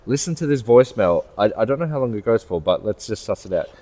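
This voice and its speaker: A man's voice: on the low side, expressive, fast talker, mellow, big-room sound. A man, co-hosting a casual chat, blunt and joking with frequent laughs. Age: 20s. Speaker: podcast co-host, car salesman.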